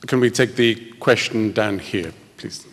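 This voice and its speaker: A man moderating a lecture Q&A, politely and briskly calling on the audience for questions. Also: lowish voice. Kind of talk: chairing a Q&A session. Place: large lecture hall. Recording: long reverb of a big hall.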